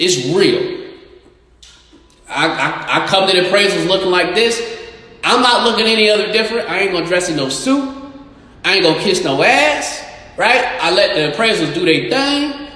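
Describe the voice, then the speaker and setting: A man's voice: a little high, fairly bright tone. A man who is a real estate investor and agent, talking casually and bluntly to his followers, with emphatic, swearing delivery. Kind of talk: casual live-stream talk to followers. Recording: very echoey room with long reverb and faint noise.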